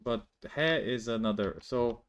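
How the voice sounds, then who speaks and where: A man runs a casual live-stream lesson in a middle-pitched voice. He explains in loose, chatty bursts, leaning on "like" and restarting his sentences as he answers viewers' questions. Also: moderate pace, clear, resonant tone. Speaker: Korean language teacher.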